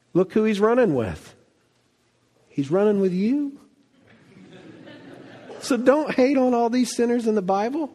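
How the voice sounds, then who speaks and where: A man preaches a sermon in a fairly high voice, animated and theatrical. He acts out quoted voices and swings from loud bursts to near-whispers. The sound carries a long reverb from a large church hall. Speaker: pastor.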